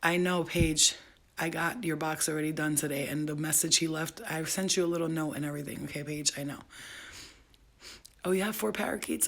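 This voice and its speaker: A woman's voice: sits low, steady tone, fairly quick, creaky. A woman who sells spiritual healing boxes, chatting casually and affectionately on a late-night livestream from home, full of slang and swearing.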